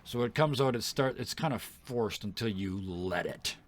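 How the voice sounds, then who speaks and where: A man narrating a tabletop game as game master, slow and descriptive with fillers. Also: on the low side, expressive.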